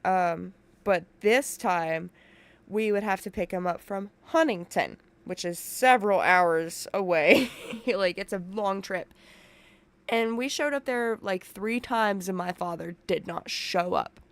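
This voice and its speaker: Profane, emotional woman streamer, smooth voice. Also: mid-range voice, slow pace, no echo. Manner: emotional, profane, rambling with restarts. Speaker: commentary streamer. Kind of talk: casual reaction commentary. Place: home room with open window.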